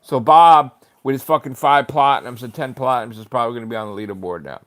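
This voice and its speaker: A man's voice: medium pitch, fast talker, a bit bright. A man streamer in an angry, profane livestream rant.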